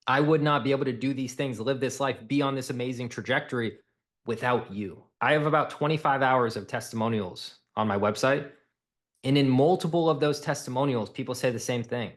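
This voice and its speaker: A man's voice: mid-range voice, brisk. A man coaching on sales in a blunt, emphatic way, repeating phrases for effect.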